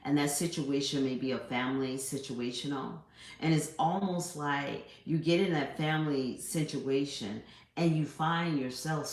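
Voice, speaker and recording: A middle-aged woman hosting her own spiritual channel, speaking in a slow, reflective, meditative monologue full of pauses. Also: rumbling low, reverberant.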